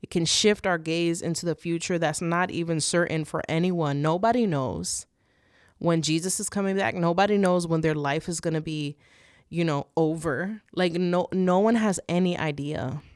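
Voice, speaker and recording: A woman's voice: on the low side, moderate pace, darkish tone, clean tone, no room sound, clean studio sound. A young woman hosting a faith podcast, talking earnestly and casually, with many restarts and rhetorical "right?"s. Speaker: podcast host.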